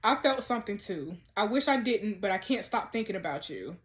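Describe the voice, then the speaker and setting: A woman reading text messages as a young married wife who feels guilty and torn, in a soft, lower voice. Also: lively intonation, fairly quick, lightly acted. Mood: confessional. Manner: read-out, soft, confessional.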